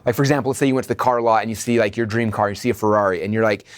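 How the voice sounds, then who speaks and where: A man's voice: on the low side, fairly even intonation, very fast. A man coaching a business training lesson with energy, checking in with "okay?" and "right?" and acting out the dialogue in his stories.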